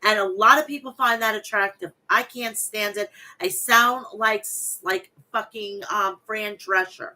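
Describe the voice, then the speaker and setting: Bright nasal Long Island woman. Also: mid-range voice, unhurried, hardly any pauses. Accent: Long Island New York. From New York, Long Island. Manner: chatty, blunt, swears freely. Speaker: wrestling podcast host. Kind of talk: casual chat and recap reading.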